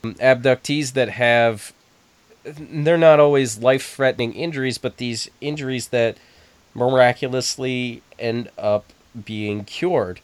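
A man in a casual podcast chat who explains cases in a measured way. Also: medium pitch, fairly even intonation, clear, resonant tone, no room sound.

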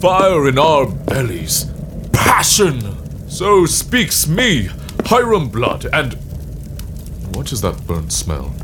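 A man's voice: mid-range voice, wildly swooping pitch, slow, background noise. A man playing a pompous, grandiose Victorian sailor and scientist who leads a secret society, with theatrical proclamations.

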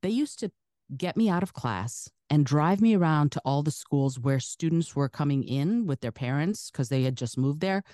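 A woman from the Soviet Union, native Russian speaker, speaking broadcast-style American English as an interview guest, chatty and animated, laughing often. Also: low-pitched, normal speed, no room sound, studio quality. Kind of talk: casual interview storytelling.

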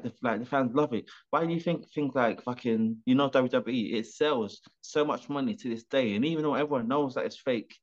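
Animated swearing boxer over a video call. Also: male voice, mid-range voice. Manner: animated, swearing, rambling with restarts. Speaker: professional boxer. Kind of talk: casual remote interview. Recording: dull lo-fi video call audio.

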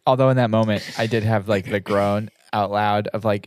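A man with a lowish voice co-hosts a podcast in loose, rambling chat. He hesitates and stacks fillers while retelling scenes. The recording is dry and close. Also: steady tone, fairly quick, few pauses, no echo. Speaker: podcast co-host. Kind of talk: casual chat.

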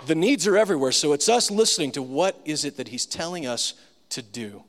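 Storytelling pastor in a reverberant hall. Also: male voice, on the high side, very animated, brisk. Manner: conversational storytelling, self-deprecating humor. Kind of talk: sermon with personal stories. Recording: long reverb of a large room.

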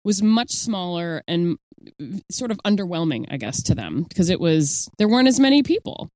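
A woman's voice: lowish voice, very animated, normal speed, mellow, no room sound. A woman co-hosting a casual podcast, chatty and rambling as she recounts things. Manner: chatty, laughing, rambling with fillers. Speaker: podcast co-host. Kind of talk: casual chat.

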